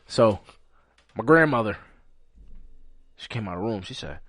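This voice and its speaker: A man hosting a podcast, telling a story in a casual, profane, animated way and loudly acting out what people said. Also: on the low side, moderate pace, dry recording. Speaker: podcast host.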